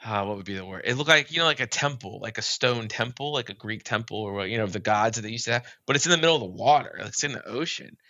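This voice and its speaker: A man's voice: fairly low pitch, expressive, fast talker, hardly any pauses, sharp tone, no echo, highs cut off. A man who is a podcast guest, telling a long story in a casual, rambling way, full of "like" and "you know".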